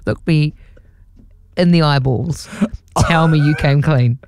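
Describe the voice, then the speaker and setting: A woman's voice: low-pitched, a little mellow. A woman, co-hosting breakfast radio, chatting casually and teasing her co-host. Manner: teasing, reacts with quick interjections. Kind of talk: casual chat.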